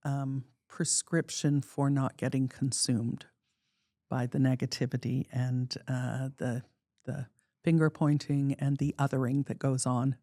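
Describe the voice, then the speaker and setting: A podcast host asking thoughtful questions and affirming the guest in a measured way. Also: mid-range voice, level tone, warm tone, no echo, studio quality. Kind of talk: conversational interview.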